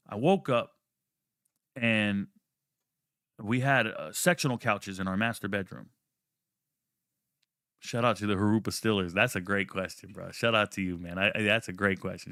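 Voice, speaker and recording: Brief: male storyteller, low voice, dry close sound, animated and profane. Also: no echo. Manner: animated, profane, acts out quotes with jumps in pitch. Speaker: host telling a personal story. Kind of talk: casual storytelling.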